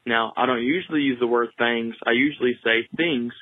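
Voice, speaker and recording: A man's voice: medium pitch, fairly quick, no room sound. A man from Arkansas with a Southern accent, calling in to a show in a laid-back, joking way. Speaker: caller. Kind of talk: phone call-in. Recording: tinny phone line.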